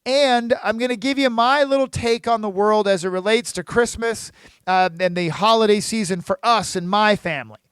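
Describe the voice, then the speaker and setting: High-voiced man hosting a podcast. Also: normal speed, fairly bright tone, smooth, no room sound. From United States. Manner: chatty, keeps asking "right?". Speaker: podcast host, financial planner. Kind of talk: casual solo podcast talk.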